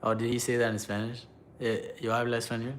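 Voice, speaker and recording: A man's voice: mid-range voice, monotone, slight background noise. A man casually chatting on a live stream, reading chat aloud, loose and joking, laughing often. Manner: halting when he switches languages.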